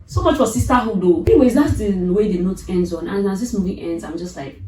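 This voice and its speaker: A young woman retelling a thriller movie in a casual, animated rant, exclaiming, swearing and talking back at the characters. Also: medium pitch, fast, noisy background. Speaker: movie reviewer. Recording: echoey room, from far off, music behind.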